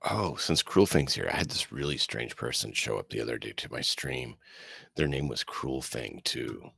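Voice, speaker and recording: A man's voice: extremely low pitch, expressive, normal speed, gravelly, fairly bright tone. A man streaming a video game, chatting casually and rambling through his thoughts as he plays. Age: adult parent. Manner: rambling, talks through frustrations.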